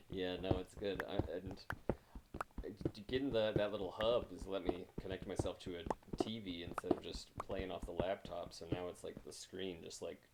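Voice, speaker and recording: A deep-voiced man with a gravelly, creaky edge, chatting loosely with his livestream audience in a rambling, self-mocking way. He speaks into a close mic, and loud noise runs under the recording. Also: steady tone, moderate pace. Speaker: game streamer. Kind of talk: casual livestream chat while gaming. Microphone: new mic mounted close in front of him.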